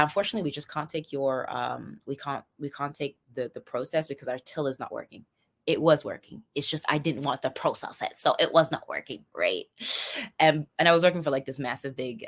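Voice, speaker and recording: Young woman, low voice, hosting a casual motivational livestream; chatty, animated, laughing between points. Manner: chatty and animated, laughs often, restarts sentences. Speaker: live streamer giving motivational talk.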